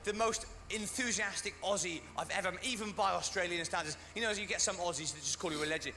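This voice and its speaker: A British male comedian with a high, bright voice delivers dry, self-deprecating stand-up. His voice carries through an echoey venue with a faint noise floor. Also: fast, few pauses, soft background music. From Britain.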